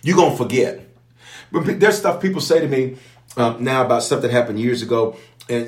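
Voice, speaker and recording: A man's voice: mid-range voice, normal speed, roomy sound. A man, a bishop, leading an online prayer that turns into Bible teaching. He preaches with an emphatic, repetitive cadence, making prophetic declarations and speaking straight to his viewers. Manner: speaks directly to an online audience.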